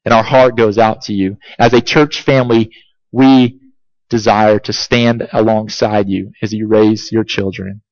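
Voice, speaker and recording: Man, pastor, sermon, slow measured delivery, emphatic rhetorical questions, dull muffled recording. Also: on the low side, little pitch movement, a little mellow, dry recording. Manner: asks repeated rhetorical questions, emphatic and deliberate.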